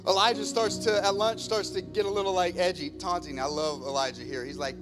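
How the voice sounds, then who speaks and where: A man's voice: high voice, steady tone, fairly quick, hardly any pauses, music in the background. A male pastor preaching a sermon, emphatic, acting out the scenes he tells. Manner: emphatic, acts out scripture scenes. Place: church.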